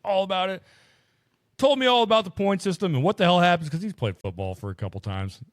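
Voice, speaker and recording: A man's voice: high voice, fast talker, no room sound, studio quality. A man co-hosting a podcast, casually telling stories full of swearing and acted-out quotes. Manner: profane, animated storytelling with voiced quotes. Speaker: podcast co-host. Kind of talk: casual chat.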